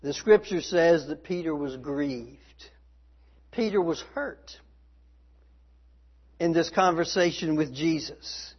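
Male preacher, high voice, slow deliberate sermon delivery, emphatic, muffled lo-fi recording. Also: breathy edge. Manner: earnest, emphatic, dramatizing quoted dialogue. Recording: slightly dull, lo-fi sound.

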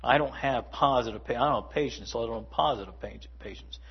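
A man's voice: mid-range voice, fast talker, breathy edge, dull audio. A man preaching a sermon in a conversational way, with asides and playful mimicry. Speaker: pastor.

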